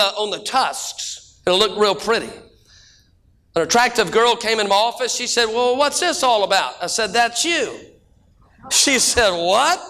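A middle-aged male pastor preaching a sermon full of folksy jokes and stories, speeding up and then slowing down for emphasis. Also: high-pitched, pushed and bright. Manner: folksy joking preacher, shifting between quick and slow drawn-out delivery.

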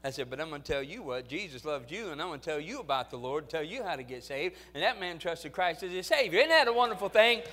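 A male pastor telling stories in a sermon, moving from low, quiet storytelling to loud, fervent exhortation. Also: animated, fast talker, hardly any pauses, a little hiss or hum.

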